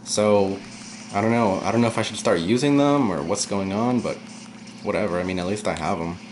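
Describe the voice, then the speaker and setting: Young man, low voice, casual let's-play commentary, rambling, thinking aloud, faint background noise. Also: fairly quick. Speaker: gameplay commentator.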